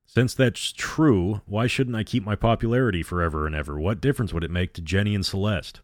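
A man's voice: fairly low pitch, fairly quick, no echo, studio quality, lightly acted. A man reading as a guilt-torn teenage girl. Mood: brooding. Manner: brooding inner monologue.

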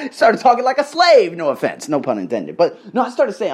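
A man's voice: sits high, brisk, hardly any pauses. A man hosting a podcast, telling a personal story in a rambling motivational monologue, swearing casually and talking straight to his listeners. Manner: rambling, animated, swears freely, addresses listeners as guys. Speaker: podcast host.

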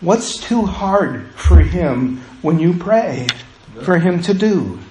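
A man's voice: high voice, expressive, slow, dark tone, reverberant, poor audio. A middle-aged man, a pastor, preaching a passionate sermon to his church that builds to urgent pleas.

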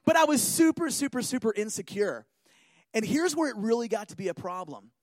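A man giving an animated talk, telling a personal story and often checking in with listeners. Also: very high voice, fairly quick, dry recording. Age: adult.

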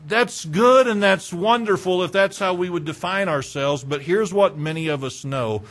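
Male pastor, middle-aged, sermon, animated, slightly high-pitched, loud and soft by turns. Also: moderate pace. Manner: animated preaching, swings between loud urging and quiet asides.

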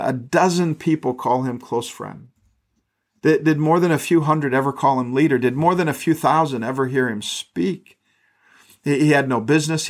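A man's voice of ordinary pitch reads verses aloud and then breaks off to comment on them in his own words. He preaches in an easy, conversational way, sometimes stumbling over and repeating a word as he thinks. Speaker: pastor. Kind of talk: scripture reading with sermon commentary. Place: podcast recording.

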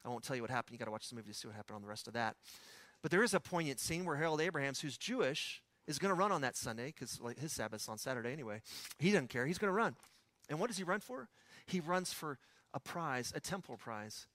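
A man's voice: mid-range voice, lively intonation, fast talker, fairly bright tone, no room sound. A man preaching a sermon in a conversational way, asking his listeners rhetorical questions.

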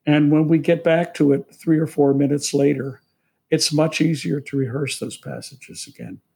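A man's voice: a little high, steady tone, normal speed, creaky, mellow, slightly rough. A man who conducts orchestras, telling stories from rehearsals in an anecdotal way and laughing easily. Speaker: orchestra conductor, interview guest. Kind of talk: storytelling interview.

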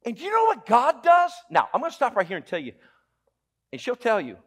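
A man with a Southern US accent preaching a sermon as pastor, emphatic and humorous, dropping from loud exclamations to hushed lines and asking the congregation questions. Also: high-pitched, sing-song, a little fast. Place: church sanctuary.

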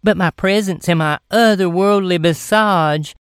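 A woman telling a folksy comic tall tale in a drawn-out, dramatic way. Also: on the low side, clear, resonant tone, no echo, studio quality. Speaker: comic storyteller. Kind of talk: folksy comedic storytelling.

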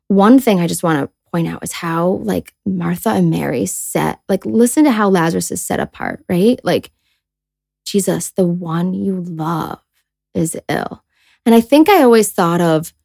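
A woman co-hosting a casual faith podcast, talking in an earnest, chatty way and filling her sentences with "like." Her pitch sits in a middle range for a woman. The sound is dry and close, with no room echo. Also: gravelly, a little mellow. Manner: chatty and earnest, many "like"s, voices quoted people. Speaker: podcast co-host. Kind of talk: casual faith podcast, reading and reflecting on scripture.

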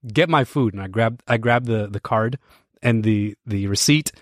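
A man's voice: on the low side, fairly even intonation, normal speed, no room sound, studio quality. An American man in his late thirties, hosting a podcast and telling a story casually to a live audience, with many restarts and bursts of laughter. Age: 30s. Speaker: podcast host.

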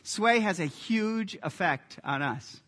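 A male pastor giving a sermon, telling lively anecdotes in an animated storytelling manner. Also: high-pitched, slow, big-room sound.

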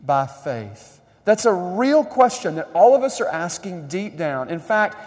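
A man's voice: sits high, unhurried. Man preaching in an echoing hall. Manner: conversational, animated preaching with rising emphasis. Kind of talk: sermon. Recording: long reverb of a large hall.

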